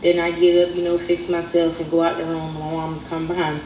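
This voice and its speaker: This young woman tells her own storytime, conversationally recreating the dialogue and acting out each person. Her lowish, warm voice is monotone and a little fast. The clip is played inside a reaction video, so she sounds far from the mic, echoey, with slight background noise.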